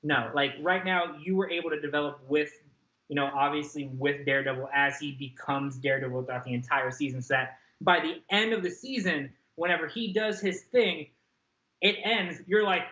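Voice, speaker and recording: A man co-hosts a casual podcast in an animated, performative way, acting out reactions as he talks. His voice is bright and forceful and fairly high for a man. It comes through an echoey room on dull, lo-fi audio. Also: fairly quick. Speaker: podcast co-host. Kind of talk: casual chat.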